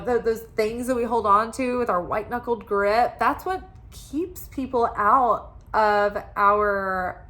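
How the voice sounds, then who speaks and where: A woman's voice: mid-range voice, a bit bright. A woman giving a casual tarot reading, chatty and full of "like" fillers. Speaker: tarot reader.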